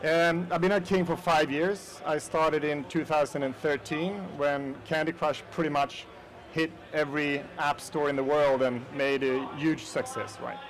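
A man's voice: on the high side, fairly even intonation, measured pace, poor audio. A man from Sweden with a Swedish accent, giving a chatty conference presentation and talking straight to the audience with plenty of fillers. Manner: chatty, addresses the audience directly with frequent fillers. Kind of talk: casual conference talk. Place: conference hall.

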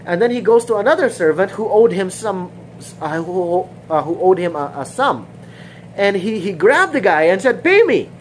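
Woman Bible teacher, relaxed sermon delivery, repeats herself for emphasis, somewhat low voice. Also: normal speed, a little hiss or hum, rough recording. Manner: informal, repeats phrases, acts out quoted dialogue.

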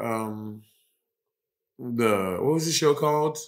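A man's voice: mid-range voice, unhurried. A man co-hosting a podcast in casual chat, reminiscing and searching for names with lots of fillers. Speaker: podcast co-host.

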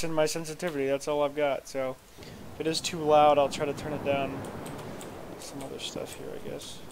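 A slightly high-pitched man gives loose, crude gameplay commentary, swearing and joking as he plays. He often mutters half to himself. Faint noise sits under his voice. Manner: mutters reactions to the game. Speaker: let's play host.

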